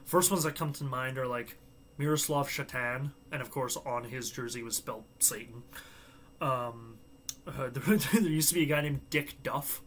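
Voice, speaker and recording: A man's voice: medium pitch, moderate pace, a bit bright, slight background noise. A young man hosting a live watchalong stream, chatting casually, joking and laughing at his own asides.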